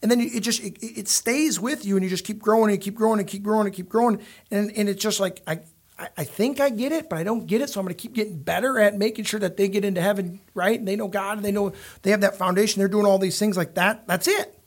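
A man's voice: high voice, steady tone, fast. A man, a father, talking in a casual conversation, rambling and repeating words, acting out what others told him. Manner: rambling, repeats words, acts out quoted lines. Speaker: guest.

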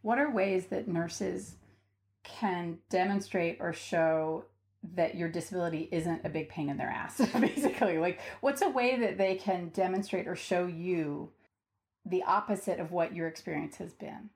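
A woman's voice: lowish voice, a little slow, a little mellow. A woman hosting a podcast interview, asking questions thoughtfully and carefully, and laughing easily. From United States. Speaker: podcast host. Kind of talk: conversational interview.

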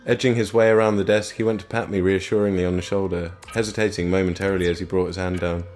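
A man's voice: low-pitched, steady tone, fast talker, darkish tone. A young man reading a first-person story in a dry, understated manner. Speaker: narrator. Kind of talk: scripted narration.

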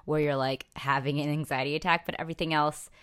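A woman's voice: low-pitched, steady tone, fast, a bit bright. A young adult woman hosting a casual pop culture podcast, chatty and upbeat. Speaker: podcast host.

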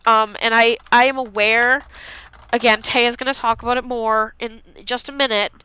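A young woman co-hosting a casual fan podcast, excitedly reading out favorite quotes and swearing freely. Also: fairly high pitch, normal speed, smooth, poor audio. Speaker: podcast co-host.

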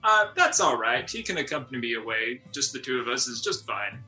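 A man playing a bright, haughty nobleman. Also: mid-range voice, big pitch swings, soft background music, pitched below the performer's own voice, poor audio. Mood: formal. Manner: formal, measured, courteous. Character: haughty disguised male noble.

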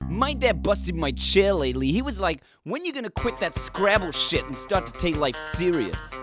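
A woman's voice: fairly low pitch, very animated, moderate pace. A woman playing a slacker teenager who talks in slang and mimics others, over guitar music. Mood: exasperated.

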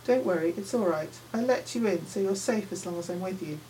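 A woman voicing a calm, protective young male sea-dweller in an audiobook, speaking low, hushed and insistent. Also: a little fast, far from the mic, slight background noise, close to an everyday voice, poor audio. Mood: reassuring.

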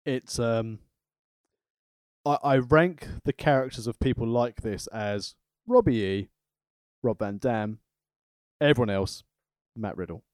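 A man of middle pitch talking through wrestling shows in a measured, wry way. The recording is dry and close to the mic. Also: darkish tone, no echo. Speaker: podcast co-host. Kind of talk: casual wrestling recap chat.

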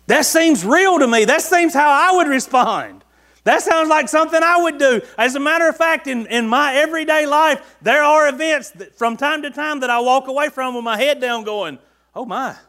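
High-voiced folksy preacher man. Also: pushed and bright. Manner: folksy, conversational preaching with rhetorical questions. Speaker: pastor. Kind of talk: sermon.

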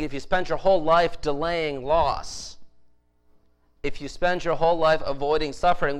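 A man's voice: fairly high pitch, clean tone, poor audio. Guy giving a sermon, talks casual, restarts a lot, pushes up for emphasis. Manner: conversational preaching with restarts and emphatic rises. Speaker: pastor.

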